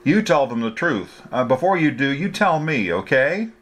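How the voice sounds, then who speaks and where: A man's voice: medium pitch, big pitch swings, normal speed, a bit bright, voice pushed up. A guarded young driver with a dry, wary edge, speaking close to the narrator's own voice, as a man reads him in a story. His lines sound slightly lifted but plainly everyday.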